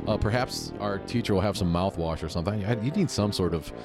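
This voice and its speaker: A man's voice: on the low side, fast, gravelly, music in the background. A man co-hosting a podcast, improvising a comedy bit with joking, crude asides. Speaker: podcast co-host.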